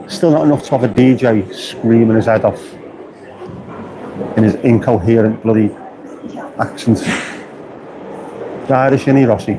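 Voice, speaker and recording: A man's voice: lowish voice, moderate pace, long pauses. A man with a dry, rambling manner, giving casual running commentary as a football fan from his seat, full of joking asides. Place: football stadium stands, outdoors. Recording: noisy stadium ambience.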